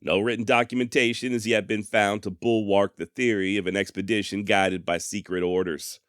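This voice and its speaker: A man with a low, smooth, resonant voice tells history as a podcast host. His delivery is wry and folksy, and he is quick to poke fun at himself. The recording is dry and close. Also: fairly even intonation, fairly bright tone, dry recording. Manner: wry, sarcastic, self-mocking; folksy turns of phrase. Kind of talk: podcast storytelling narration.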